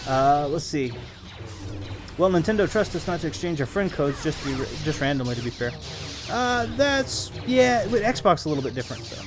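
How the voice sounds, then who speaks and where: A man streams a video game and chats with his viewers in a rambling way, humming between remarks. His voice sits a bit high for a man. Faint music plays in the background. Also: lively intonation, normal speed. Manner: chatty and rambling, answering viewers while playing. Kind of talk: casual live-stream commentary.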